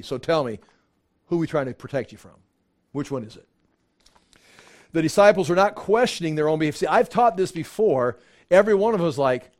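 A man leads a Bible study in a loose, chatty way, with a voice pitched a little higher than most men's. He often restarts his sentences and briefly acts out the lines he quotes. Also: fairly quick, a little mellow. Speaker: Bible teacher.

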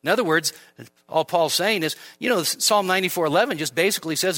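A man preaching an expository sermon at a midweek church service, lively and conversational, with frequent rhetorical questions. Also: high-pitched, fast talker. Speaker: pastor.

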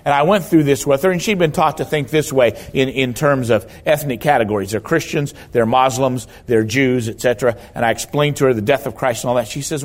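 A man delivers a sermon as a pastor, driving home key words through repetition as he tells stories with emphasis. His mid-range voice moves fairly quickly, with hardly any pauses.

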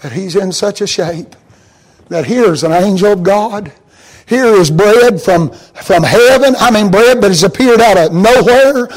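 A man with a high voice preaches a sermon in a folksy, plain-spoken style, speaking a little slowly. He swings between hushed storytelling and shouted emphasis.

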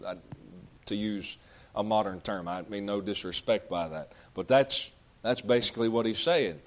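A man's voice: fairly low pitch, normal speed. Folksy man preaching through scripture. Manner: reads scripture aloud then explains it in folksy asides. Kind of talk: sermon.

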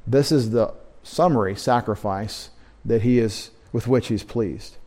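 A man, a pastor, preaching an earnest midweek sermon, slowing down to stress key words. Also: lowish voice, darkish tone. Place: church service.

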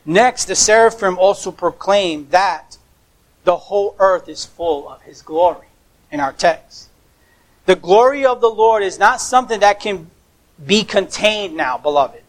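A man's voice: high voice, animated, a little slow, low-quality recording. A man preaching a sermon as pastor, emphatic, stressing words by repeating them, with occasional stumbles.

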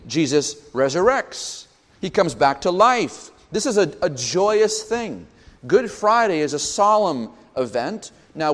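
A man preaching a sermon as pastor, his voice rising with emphasis and dropping low on solemn points. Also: long reverb tail. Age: young adult.

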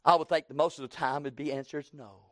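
A man in his sixties preaching a sermon, slowing down for emphasis and breaking into loud acted quotes. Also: a little high, steady tone, dry recording, clean studio sound.

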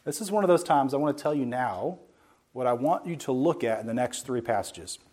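The speaker is a Bible teacher giving a sermon-style lesson in an expressive, medium-pitched voice with a darkish tone. He stresses key words by slowing down, speaks emphatically, and addresses listeners with casual asides.

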